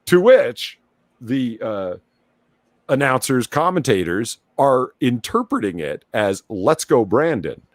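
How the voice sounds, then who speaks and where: A man's voice: medium pitch, no room sound. A man co-hosting a casual talk show, telling a story with heavy sarcasm. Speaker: podcast co-host. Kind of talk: casual political chat.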